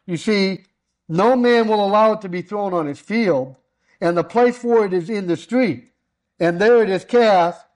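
A man preaching a sermon to his congregation, delivering it with an emphatic, repetitive cadence. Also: sits high.

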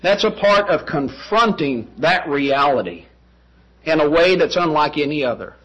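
A man delivering a sermon in a high, bright voice. He preaches emphatically, repeating phrases and posing rhetorical questions. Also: expressive, moderate pace, lo-fi sound.

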